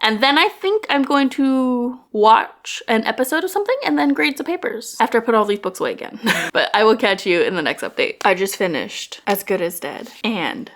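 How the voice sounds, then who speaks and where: A young adult woman chatting casually in a book vlog, talkative and quick to rant and swear when worked up. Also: a little high, sing-song, fairly bright tone. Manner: chatty, swears freely, gets worked up and ranting. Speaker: book vlogger.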